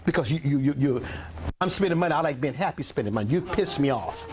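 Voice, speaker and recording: Older preacher, lively swooping voice. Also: male voice, a little high, fast talker, slight background noise. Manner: rambling, animated, talks to the congregation, often clears his throat and coughs. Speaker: pastor. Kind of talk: storytelling sermon. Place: church meeting room with a congregation.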